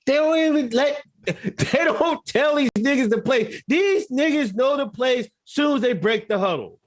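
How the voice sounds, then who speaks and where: A man with a high-pitched voice rants his way through casual podcast commentary. His pitch leaps and dives constantly, and he mocks people freely with a lot of cursing. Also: a little slow. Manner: animated profane ranting, mocking. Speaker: podcast co-host.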